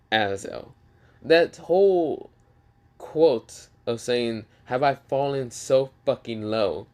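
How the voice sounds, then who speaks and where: A man's voice: mid-range voice, creaky, mellow, exaggerated voice. A man voicing a smug, vengeful young man who mocks and swears in a raised voice.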